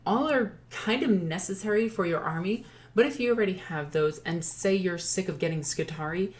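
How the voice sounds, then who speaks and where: A woman hosts her own channel in a loose, casual commentary style. Her voice sits a little low, and she chats and jokes along the way, pausing to correct herself when she trips on a word. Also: a little mellow. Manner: chatty, joking, corrects her own slips. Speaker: YouTube host.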